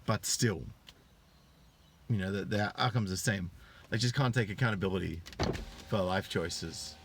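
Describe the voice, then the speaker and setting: A man in his thirties with an Australian accent, hosting a live stream. He retells stories with rising excitement, greets viewers in chat, and swears freely. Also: a little slow, noisy background. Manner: animated storyteller, swears freely, voice rises high when excited. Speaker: online show host.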